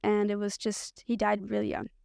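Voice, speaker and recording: Gravelly-voiced woman telling her story. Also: mid-range voice, completely flat delivery, moderate pace, a little mellow, no room sound, clean studio sound. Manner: candid, rambling, frequent "like" fillers. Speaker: podcast guest. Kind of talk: personal storytelling.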